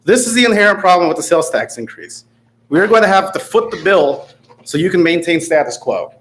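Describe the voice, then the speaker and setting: A man's voice: fairly high pitch, a bit bright. A man giving a prepared, critical public comment at a city council meeting, sarcastic in tone. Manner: sarcastic, critical, reading from notes. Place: council chamber.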